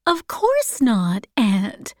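A shy young woman, voiced by a female reader speaks slowly and earnestly in a soft, close, dry sound. Her lines sit a little above the reader's own voice and sometimes sink toward a whisper, in a storybook reading. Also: fairly high pitch, wildly swooping pitch, no echo, heavily acted.

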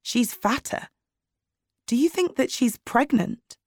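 A woman voicing a quiet, curious teenage sister who talks in a hushed way in a storybook reading. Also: fairly high pitch, lively intonation, normal speed, no room sound, studio quality, pitched above the performer's own voice, natural voice.

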